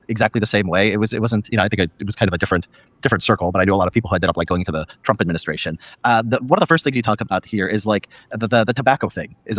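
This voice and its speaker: A man interviewing a guest, asking questions in a halting way with frequent restarts. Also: on the low side, a bit bright, dry recording. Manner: halting, many restarts and fillers. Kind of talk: conversational interview.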